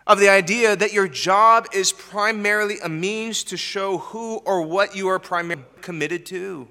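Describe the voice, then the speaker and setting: A man's voice: high voice, unhurried, sharp tone. Man, pastor, emphatic sermon, rhetorical questions, long reverb of a church hall.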